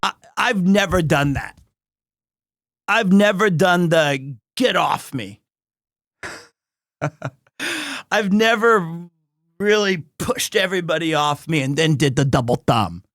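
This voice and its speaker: A male streamer in casual live chat, his voice high and leaping all over the place. He talks at an unhurried pace and gets excitable, erupting into shouts and laughs. It is recorded close and dry, with no room sound. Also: no echo. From United States.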